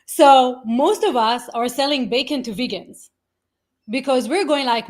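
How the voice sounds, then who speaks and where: Animated, storytelling woman guest. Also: high-pitched, normal speed. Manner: animated storyteller, acts out quotes, laughs often. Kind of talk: casual interview chat.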